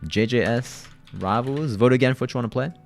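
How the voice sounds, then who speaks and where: A man's voice: medium pitch, a little fast, creaky, soft background music. A man hosting a livestream, chatting casually with viewers in loose slang and often repeating his phrases. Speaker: livestream host.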